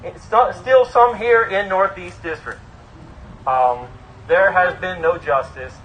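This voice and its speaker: A man who is a local government official speaks at an outdoor protest rally, halting and searching for words. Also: high-pitched, a bit bright, a little hiss or hum, poor audio. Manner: hesitant, halting with fillers.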